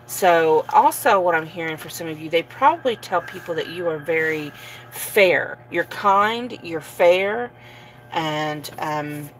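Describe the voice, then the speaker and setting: Slow, low-voiced woman reading tarot. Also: poor audio. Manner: relaxed, many fillers and soft laughs. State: sleepy, yawning. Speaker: tarot reader. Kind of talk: casual tarot reading to camera.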